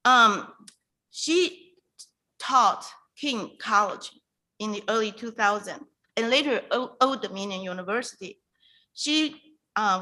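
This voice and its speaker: A woman hosting a virtual reading night, introducing a poet in an emotional, halting way over a video call. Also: mid-range voice, sharp tone, low-quality recording. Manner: emotional, halting, with restarts and pauses. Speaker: event host introducing a poet.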